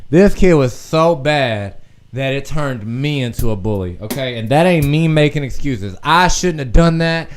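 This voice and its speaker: A young man hosting a podcast stream, telling a personal story in a candid, profane, animated way. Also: medium pitch, normal speed, slight background noise. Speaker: podcast host.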